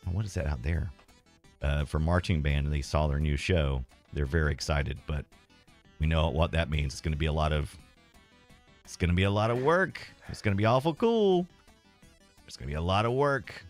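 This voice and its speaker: Streaming retro games, a man with a very deep voice rambles casually and pokes fun at himself while reading and replying to his chat. He talks at a normal speed, with faint music in the background.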